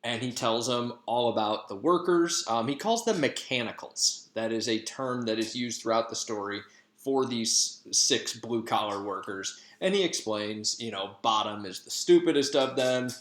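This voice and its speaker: A man's voice: mid-range voice, normal speed, a bit bright. A male teacher casually retelling a play to his class in slangy, conversational talk. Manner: slangy, conversational, lots of fillers. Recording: echoey room.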